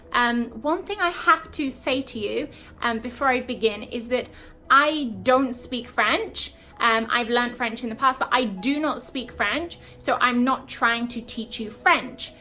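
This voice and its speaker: A young British woman with a British accent teaching English in a chatty way, with frequent "um" and "okay" and slow demonstrations of words. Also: a little high, bright, forceful tone. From Britain. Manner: chatty, frequent ums and okays, slow deliberate word demos. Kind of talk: online English lesson.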